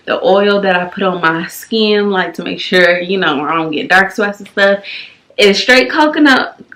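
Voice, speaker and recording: Young woman, casual vlog host, slightly low voice, chatty and open with her viewers. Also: a bit bright. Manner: chatty, addresses viewers as y'all. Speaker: vlogger, mother.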